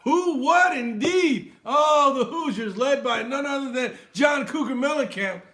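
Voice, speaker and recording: A man doing a theatrical, comedic football recap monologue as a fan host, often bursting into shouts. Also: very high voice, lively intonation, measured pace.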